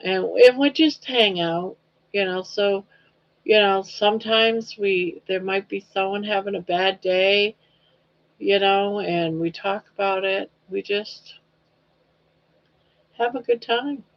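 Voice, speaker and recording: A woman's voice: medium pitch, slow. An older woman hosting a casual livestream chat, rambling along, reading viewers' comments aloud and cooing at her dog. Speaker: livestream host. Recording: dull lo-fi livestream audio.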